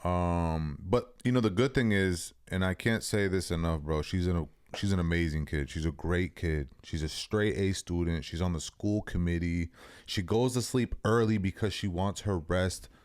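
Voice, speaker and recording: A young man with a very deep, low voice, chatting bluntly on a podcast. He swears freely and leans hard on his words. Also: moderate pace, darkish tone, clear, resonant tone. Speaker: podcast co-host. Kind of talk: casual podcast chat.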